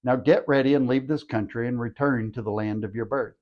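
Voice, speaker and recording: A man's voice: medium pitch, a little fast, highs cut off, natural voice. A man reading the part of an angel who gives solemn commands. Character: male angel giving divine commands.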